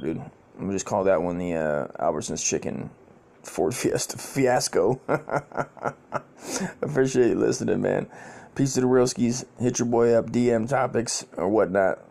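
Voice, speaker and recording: A man's voice: lowish voice, gravelly, warm tone. A man hosting a podcast and telling a personal story in a casual, profane, rambling way, repeating himself and laughing often. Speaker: podcast host.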